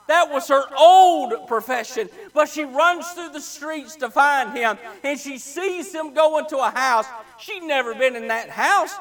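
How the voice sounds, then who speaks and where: A Baptist preacher, a man, delivering a sermon with dramatic storytelling, acting out the people in his story and swinging between loud and soft. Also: extremely high pitch.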